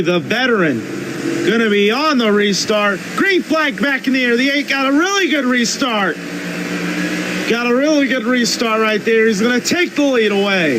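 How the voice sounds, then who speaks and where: A young man with a high voice calls a sim race live as its host. He delivers quick play-by-play and climbs into excited shouts whenever cars tangle. Steady background hiss runs under his mic. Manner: excitable, rising to shouts at crashes. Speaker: race commentator.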